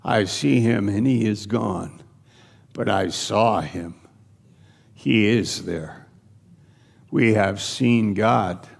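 A man's voice: fairly low pitch, extremely slow, creaky, long pauses, long reverb tail. A man preaching a sermon in an earnest, conversational way, repeating his phrases for emphasis.

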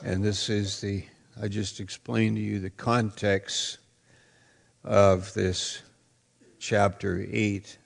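A man preaching a sermon, emphatic and repetitive, who now and then breaks into shouted praise. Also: fairly low pitch, level tone, slow pace, creaky. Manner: emphatic preaching, repeats phrases, bursts into shouts. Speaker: pastor.

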